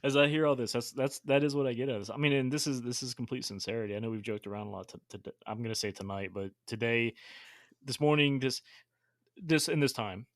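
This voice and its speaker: A man's voice: medium pitch, fast talker, dry recording, studio quality. A man hosting a podcast, earnest and sincere, often stumbling over repeated words. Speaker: podcast host. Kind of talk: podcast interview.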